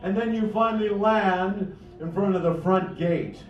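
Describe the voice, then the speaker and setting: A man telling a second-person fantasy story at a cafe open mic. He talks slowly and dramatically, swinging between hushed and loud. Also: sits high. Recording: echoey room, far mic, dull, music behind.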